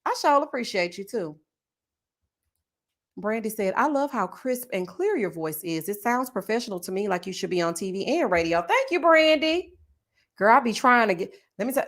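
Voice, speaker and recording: A woman with a Texas Southern twang, chatting casually with her viewers in a sing-song, drawn-out way. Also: a little high, a bit bright. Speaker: YouTube reality-show reviewer. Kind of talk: casual chat reading viewer comments.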